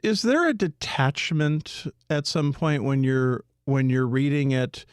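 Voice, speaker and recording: A man's voice: mid-range voice, slow, smooth, dry recording, clean studio sound. A man hosting a radio book show, asking long, winding questions with restarts. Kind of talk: radio interview. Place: radio studio.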